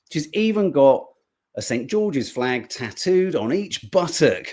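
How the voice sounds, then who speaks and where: A man's voice: on the high side, sing-song, takes it slowly, darkish tone. A man hosting a podcast, commenting on news clips in a sarcastic, swearing, mocking way. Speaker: podcast host.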